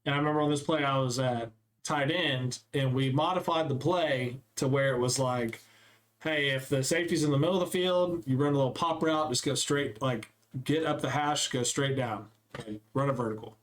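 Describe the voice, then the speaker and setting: A young man co-hosting a casual podcast chat, telling stories with lively acted-out quotes. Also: mid-range voice, normal speed. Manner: animated storyteller acting out quotes. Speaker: podcast co-host.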